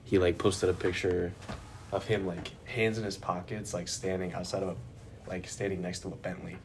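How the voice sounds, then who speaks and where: A man's voice: low-pitched, level tone, normal speed, background noise. A young man co-hosting a podcast, chatting casually with a sarcastic, profane edge. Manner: sarcastic, swears freely. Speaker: podcast co-host. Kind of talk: casual chat.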